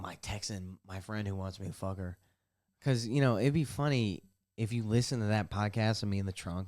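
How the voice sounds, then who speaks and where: Deep-voiced young man rambling profanely. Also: a little mellow. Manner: rambling, profane, self-mocking. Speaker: podcast host. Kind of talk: casual solo podcast storytelling. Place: bathtub at home.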